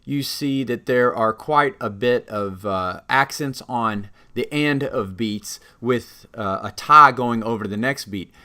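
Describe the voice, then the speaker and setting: A man giving a music lesson to trumpet students, talking them carefully through rhythm. His voice sounds bright and forward, at an ordinary pitch for a man. He sometimes sings short rhythm examples on "da" to demonstrate. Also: unhurried, few pauses. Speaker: music teacher. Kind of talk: instructional talk with sung rhythm examples.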